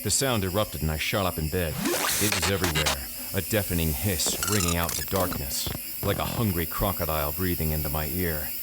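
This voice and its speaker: A man narrating a first-person horror story in a measured, deadpan way. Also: sits low, heavy background noise.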